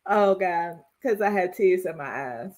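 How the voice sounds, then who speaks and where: A woman's voice: fairly low pitch, lively intonation, a little slow, a little mellow, poor audio. A woman hosting a live stream over a video call, reading viewer comments aloud and laughing easily. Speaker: host.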